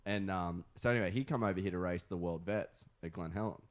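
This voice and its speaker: Aussie dude in his 20s, kinda low voice, rambly chat full of "like" and swearing. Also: fast talker. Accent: Australian. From Australia. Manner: rambling, heavy swearing, lots of fillers. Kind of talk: casual podcast chat.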